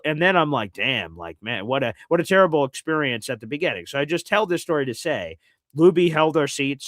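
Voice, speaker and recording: A man hosting a casual live sports talk show, telling a story in an animated way and jumping into high shouts when he quotes himself. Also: no room sound, clean studio sound. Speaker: sports digital radio host.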